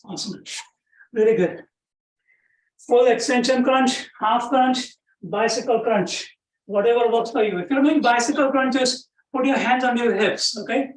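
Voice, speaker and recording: Encouraging male fitness instructor counting reps. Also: very high voice. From South Asia. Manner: counts reps aloud, encouraging, chatty with many "right?" tags. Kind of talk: live workout class coaching. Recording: roomy echo, far from the mic.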